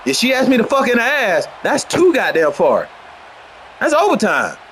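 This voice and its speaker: A man streaming a football video game, rambling in brash, boastful, profane commentary and trash talk, dropping to low mutters and then jumping into high outbursts. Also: huge pitch swings, moderate pace, a bit bright, slight background noise. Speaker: gamer streaming gameplay.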